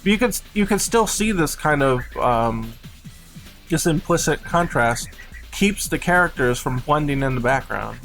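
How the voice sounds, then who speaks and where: A man's voice: fairly high pitch, expressive, a little slow, fairly bright tone, faint music behind. Chatty man explaining game design. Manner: rambling and explanatory, heavy on "like". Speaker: game developer streaming live. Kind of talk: casual live-stream commentary.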